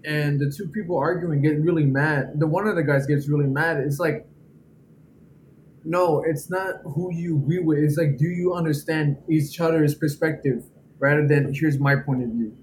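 A man's voice: on the high side, fairly even intonation, moderate pace, a little mellow, a little hiss or hum, low-quality recording. A man co-hosting a casual podcast chat, speaking in an earnest, thoughtful way as he retells ideas. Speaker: podcast co-host.

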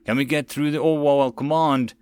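A man's voice: a little high, fairly even intonation, normal speed, darkish tone, clean tone, close to an everyday voice. A man voicing a blunt human army sergeant who asks pointed questions.

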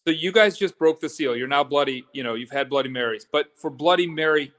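Halting man explaining cocktails. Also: fairly high pitch, a bit bright. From Florida. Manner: halting, repeats words, explains slowly. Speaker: distillery guest. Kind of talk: casual chat at a bar.

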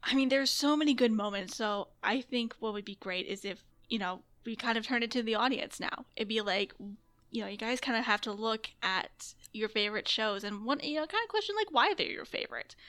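A woman co-hosting a casual podcast chat, enthusiastic and quick to laugh. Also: on the high side, lively intonation, a bit bright. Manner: enthusiastic, laughs easily, many fillers. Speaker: podcast co-host.

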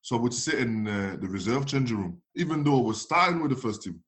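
A lively man with as his spins football stories in a casual interview. He laughs often, slips into voices for the people he quotes, and his pitch sits in an ordinary middle range. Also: quick pace. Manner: animated, laughing often, acting out others' voices. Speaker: former footballer guest.

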